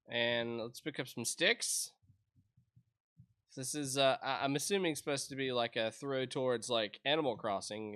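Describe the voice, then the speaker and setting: A man casually reviews an indie game as he plays, his talk chatty and full of restarts. His voice sounds bright and forward. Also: mid-range voice, slow, long pauses, clear, resonant tone. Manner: rambling, chatty, self-interrupting. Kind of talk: casual let's-play commentary.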